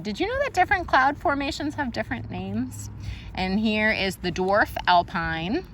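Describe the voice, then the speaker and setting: Woman, teacher, reading a picture book aloud, patient and explanatory, slow-paced. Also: medium pitch, slight background noise. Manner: gentle, explanatory, names plants and birds and asks questions; patient, answers a child's interruptions.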